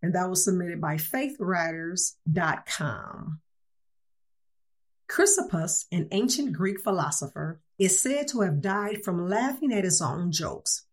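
A woman's voice: on the low side, lively intonation, slow, husky. A woman reading humorous excerpts aloud, chuckling at the jokes she reads.

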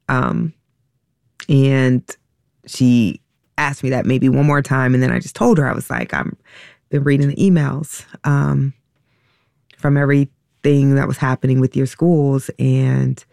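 A middle-aged woman speaks with a gravelly, creaky edge to her voice as she recounts a painful personal story. She talks haltingly and emotionally, restarting often, and the sound is dry and close to the mic. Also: a bass voice, steady tone, darkish tone, no echo. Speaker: interview guest.

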